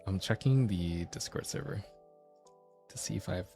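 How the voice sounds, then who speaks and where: A man streaming as a VTuber, talking in a casual, rambling and animated way. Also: low-pitched, normal speed, faint music behind. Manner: animated, rambling, self-deprecating.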